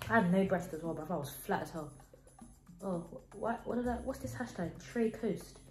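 A woman's voice: fairly low pitch, moderate pace, warm tone. A teenage girl, chatting in a casual reaction vlog, giggly and self-mocking. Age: teens. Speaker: vlogger. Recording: roomy echo, faint music.

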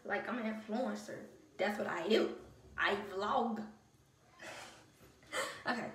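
A young woman vlogging casually at her bathroom sink, chatting straight to viewers and slipping between hushed and loud. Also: medium pitch, slow pace. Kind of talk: casual get-ready-with-me vlog. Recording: echoey bathroom, far mic, running water.

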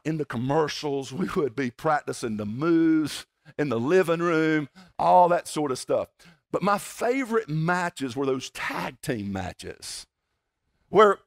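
A pastor from South Georgia with a Southern US accent, preaching a folksy, conversational sermon at a church service, with playful asides to the congregation. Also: male voice, a little high. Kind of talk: sermon with prayer and personal storytelling.

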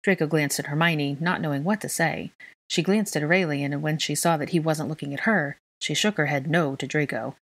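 A woman narrating a fan fiction story aloud in a steady, even reading. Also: deep voice, brisk. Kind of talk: audiobook narration.

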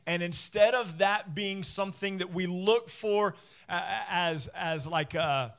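A man's voice: high voice, takes it slowly. A young adult male pastor preaching a sermon, telling a Bible story with jokes, asides and little acted-out voices. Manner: animated, jokey storytelling preacher.

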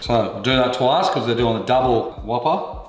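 A man's voice: medium pitch, normal speed, reverberant, noisy background. An Australian man hosting a casual cooking vlog, talking in a laid-back, crude way and swearing freely. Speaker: cooking show host. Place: home kitchen.

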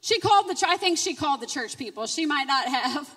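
High bright-voiced woman preaching in echoing hall. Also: expressive, fast talker. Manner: emotional, swings from quiet storytelling to loud fervent preaching. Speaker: conference speaker. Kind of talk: personal testimony sermon. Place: church sanctuary. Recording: reverberant hall, distant mic.

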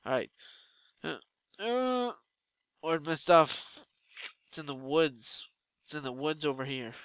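A young man giving loud, exasperated Let's Play commentary with swearing outbursts. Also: fairly high pitch, sing-song, slow pace, smooth, no echo, highs cut off. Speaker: gaming YouTuber.

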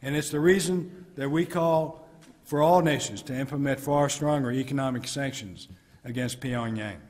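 A middle-aged American man, a military commander, delivering a formal prepared speech with measured, emphatic pauses. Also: mid-range voice, darkish tone. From United States. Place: ambassador's residence reception hall. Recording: long hall reverb.

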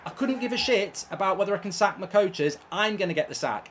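A gaming streamer rants and curses about his own play in a football game while reading chat messages out loud. His high-pitched voice swings widely, he talks briskly with few pauses, and there's slight background noise.

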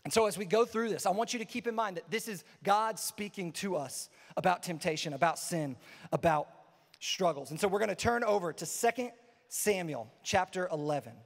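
A man preaching a sermon as pastor, energetic and casual, repeating phrases for emphasis. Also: sits high, brisk, big-room sound.

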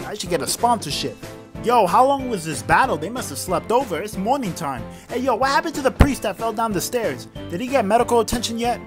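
A man's voice: sits high, very animated, fast. Slangy joking play-by-play man over music. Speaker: comedic sports-style commentator. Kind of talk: comedic play-by-play commentary over a film.

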